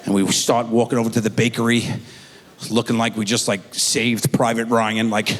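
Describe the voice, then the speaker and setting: A middle-aged man telling a stand-up comedy story on stage, acting out his kids in high squeaky voices. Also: level tone, moderate pace. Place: theater stage before a live audience. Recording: stage mic in a large reverberant hall.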